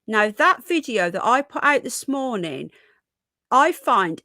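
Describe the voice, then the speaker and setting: A woman's voice: a little high, big pitch swings, takes it slowly, bright, forceful tone, no echo, studio quality. A middle-aged woman from England hosts a live stream, chatting with viewers by name, often restarting and repeating words. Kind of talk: live stream commentary, reading chat.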